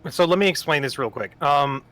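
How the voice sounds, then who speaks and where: A man guest on a live stream, chatting casually in a quick, excitable, quizzical way. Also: on the high side. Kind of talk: casual chat.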